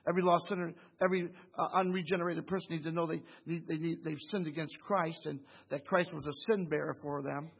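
A man's voice: a little high, fairly even intonation, fast, gravelly, hardly any pauses. A man preaching a Bible study sermon who keeps asking the congregation "Amen?" and chuckles between phrases.

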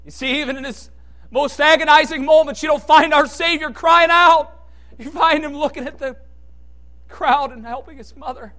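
Male preacher, very high voice, impassioned sermon, hushed lows and shouted peaks. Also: fairly even intonation, normal speed.

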